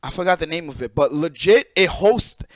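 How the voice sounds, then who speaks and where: High voiced streamer dude cussing and ranting at chat, dry close mic. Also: male voice, moderate pace, no echo. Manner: profane, animated, talks to chat. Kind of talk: casual live-stream rant.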